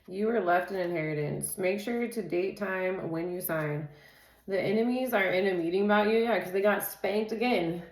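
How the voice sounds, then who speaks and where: A woman's voice: mid-range voice, moderate pace, echoey room. A woman reading tarot in a casual way. She rattles off lists of card keywords and often laughs and drifts into side chatter. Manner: laughs easily and chats off-topic. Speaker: tarot reader.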